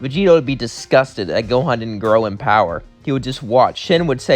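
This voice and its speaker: Soft music plays behind a young storyteller whose mid-range voice is animated and fairly quick. Casually narrating a fan-fiction tale of his own making, he wanders off on tangents and voices each character on his own.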